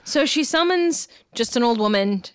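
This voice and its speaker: A woman's voice: a little high, animated, normal speed, slight background noise. A woman co-hosting a casual podcast, recapping an episode with swearing and frequent laughter. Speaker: podcast co-host.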